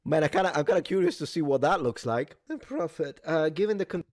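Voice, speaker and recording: A man's voice: a little high, lively intonation, fast talker, a little mellow, no room sound, studio quality. A man co-hosting a talk show, reading news passages aloud and adding opinionated, indignant commentary. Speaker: co-host.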